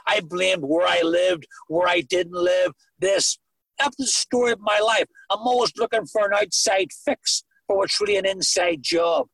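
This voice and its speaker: A middle-aged man with a Northern Irish accent tells his own story to a meeting on a video call. His voice sits high for a man and has a husky edge. It sounds close and dry, and he mixes earnestness with dry jokes. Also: normal speed, a bit bright, dry recording, poor audio. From Northern Ireland. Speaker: recovery meeting speaker. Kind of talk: personal testimony on a video call.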